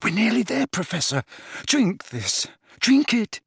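A man's voice: high-pitched, sing-song, measured pace, creaky, husky, pitched above the performer's own voice, exaggerated voice. A man voicing a desperate young male wizard in an audiobook, coaxing and pleading urgently in a raised voice.

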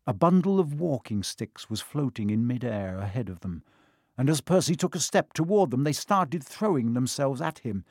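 A man narrating a children's fantasy novel in a steady, expressive audiobook reading. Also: mid-range voice, moderate pace, slightly rough, dry recording, studio quality.

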